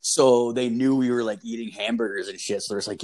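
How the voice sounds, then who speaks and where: A man's voice: mid-range voice, steady tone, fairly quick, darkish tone. A young man telling a long story in casual chat, rambling and profane, with lots of fillers.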